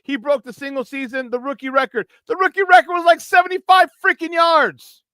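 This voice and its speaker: A man's voice: very high-pitched, level tone, a little fast, bright, forceful tone, no room sound. A man hosting sports talk radio, ranting in frustration, swearing and mocking others in put-on voices. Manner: frustrated, profane, mocking impressions. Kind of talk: heated sports talk rant.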